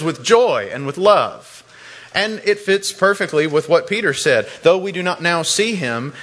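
This pastor's voice sits high with a fairly bright tone as he preaches earnestly in the church sanctuary, repeating words for emphasis. The large hall gives the recording a long reverb.

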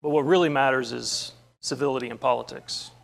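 A man's voice: mid-range voice, fairly even intonation, brisk, gravelly. A man preaching a sermon, opening with a story and moving into earnest, emphatic teaching with scripture quotes.

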